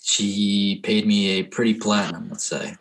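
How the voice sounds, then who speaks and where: A man's voice: lowish voice, steady tone, moderate pace, creaky, breathy edge. A man voicing a nervous young tavern keeper in a tabletop game, talking hesitantly and evasively with many fillers.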